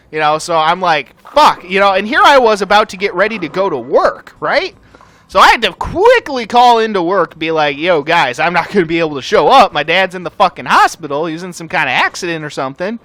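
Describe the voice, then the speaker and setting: A young man chats casually over his gameplay, telling a long story with constant swearing and lots of filler. His voice sits a little high and sounds bright. It leaps up and down as he gets worked up. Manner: profane, rambling, animated storytelling. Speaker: gaming channel host.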